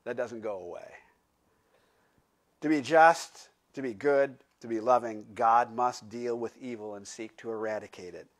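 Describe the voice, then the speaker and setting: An older man, a pastor, giving a sermon in a conversational, animated storytelling way, full of asides. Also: mid-range voice, a little slow. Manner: animated storytelling, acting out quoted voices.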